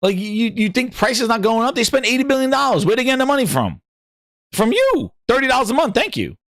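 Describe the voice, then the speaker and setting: A man hosting a gaming podcast, talking loudly and animatedly, teasing and incredulous. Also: extremely high pitch, big pitch swings, fast talker, dry recording, clean studio sound. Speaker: podcast host. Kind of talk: excited casual gaming talk.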